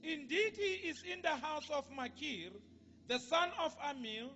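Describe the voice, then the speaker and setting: A South African man reading scripture aloud in church, slow and careful, stumbling over names. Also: extremely high pitch, lively intonation, bright, forceful tone, big-room sound, muffled recording, soft background music.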